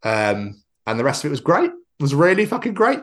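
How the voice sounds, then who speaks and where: A man, co-hosting a podcast in casual chat, excitable and sweary, acting out quotes. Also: fairly high pitch, a little fast. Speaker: podcast co-host.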